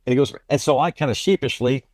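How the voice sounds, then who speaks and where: A man who is a baseball play-by-play broadcaster, telling a long story in an interview, animated and often repeating himself. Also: mid-range voice, quick pace, dry recording, clean studio sound. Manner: animated, repeats and restarts phrases.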